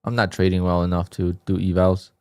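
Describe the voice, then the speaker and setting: A man's voice: low-pitched, completely flat delivery, brisk, a little mellow, smooth, dry recording, clean studio sound. Frustrated man muttering over his trades. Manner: frustrated, self-scolding muttering with sudden outbursts. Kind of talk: live trading commentary.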